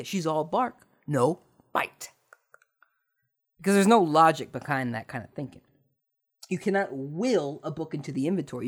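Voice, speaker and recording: A young man hosting a podcast, telling comic stories and ranting sarcastically, swearing freely and jumping from mutters to loud outbursts. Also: fairly high pitch. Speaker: podcast host. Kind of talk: comedic storytelling rant.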